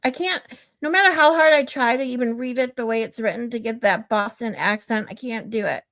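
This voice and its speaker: A middle-aged woman talks to her livestream viewers in a slightly high, somewhat bright voice at a fairly quick pace. Her chat is casual and rambling, with tangents, comments read aloud and frequent laughter.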